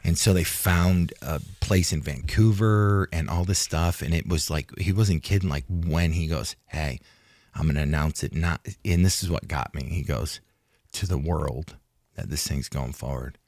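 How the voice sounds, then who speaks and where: A man's voice: a bass voice, normal speed, darkish tone, dry recording. A man and retired fighter, a guest in an interview, telling a long story in a rambling way and acting out what others said to him. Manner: rambling, restarts, acts out quoted talk. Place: studio in Hollywood.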